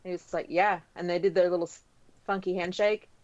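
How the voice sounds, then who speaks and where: A woman's voice: lowish voice, fairly even intonation, a little fast, a little mellow. A woman co-hosting a podcast, chatting casually and telling a story in a talkative way. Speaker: podcast co-host. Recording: dull, slightly lo-fi audio.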